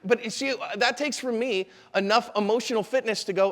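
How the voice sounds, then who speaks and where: A man teaching a live seminar, energetic and conversational, with quick asides to the audience. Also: extremely high pitch, in a large hall. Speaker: self-defense instructor. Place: convention hall seminar room.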